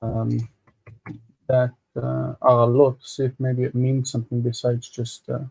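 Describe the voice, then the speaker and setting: Man explaining Hebrew grammar, mellow voice. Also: mid-range voice, completely flat delivery, gravelly. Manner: explains grammar step by step, slow over Hebrew words. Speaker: co-host reading biblical Hebrew. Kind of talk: casual study discussion. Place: home studio, live stream.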